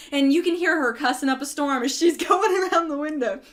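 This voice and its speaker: A young woman casually telling animated stories, laughing as she acts out customers and coworkers. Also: high voice, quick pace, few pauses. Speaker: storyteller. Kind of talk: casual chat.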